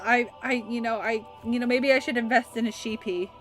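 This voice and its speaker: A woman streamer chatting casually with her viewers while she plays, bubbly and quick to laugh. Her voice sits slightly high. Game music runs clearly in the background. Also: fairly even intonation. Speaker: livestreamer. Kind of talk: casual gaming livestream chat.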